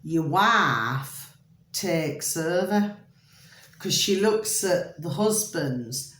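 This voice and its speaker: Talking very slowly in a lowish, expressive, fairly bright voice, a woman vlogs to camera from an echoey room. Her chatty monologue wanders and keeps losing the thread, and she addresses viewers as "my delicious little babies".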